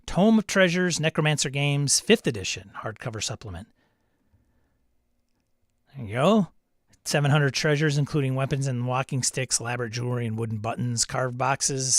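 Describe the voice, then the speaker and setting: Speaking at a normal pace in a medium pitch, the host of this tabletop games stream chats and rambles casually, reading viewers' messages out loud. The sound is clean, dry, and studio-like.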